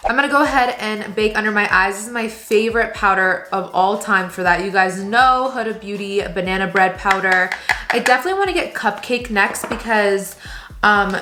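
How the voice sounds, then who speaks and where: A woman's voice: mid-range voice, pushed and bright, reverberant. A young woman chatting casually through a hair and makeup tutorial at home, upbeat and full of product recommendations. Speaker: beauty vlogger. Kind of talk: casual get-ready-with-me tutorial. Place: room at home.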